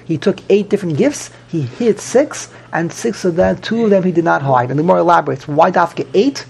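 A man teaching a Talmud class, an animated, repetitive, joking storyteller who mixes in Hebrew and Yiddish terms. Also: high voice, a little fast, creaky, slight background noise. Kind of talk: Daf Yomi Talmud class.

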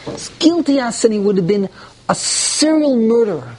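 A man's voice: very high voice, moderate pace. A man teaching a Torah class who reads verses and then explains them, with rhetorical questions and the odd restart. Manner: animated, with rhetorical questions and mock dialogue; restarts and searches for words.

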